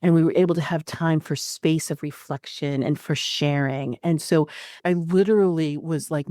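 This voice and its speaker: Low-voiced woman astrology host. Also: dry recording, studio quality. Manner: expressive, with frequent fillers. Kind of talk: spiritual guidance talk.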